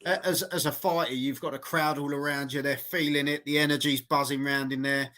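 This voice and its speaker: A man's voice: on the high side, level tone, brisk, sharp tone. A man hosting a casual interview, friendly and encouraging, often calling his guest mate. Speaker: interviewer, host.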